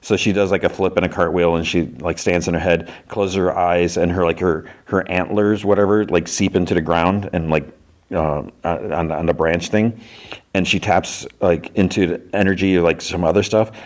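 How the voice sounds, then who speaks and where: A man's voice: low voice, fairly even intonation, normal speed. A man hosting a podcast, casually recapping an episode in a rambling way full of fillers. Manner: rambling, heavy use of "like". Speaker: podcast host.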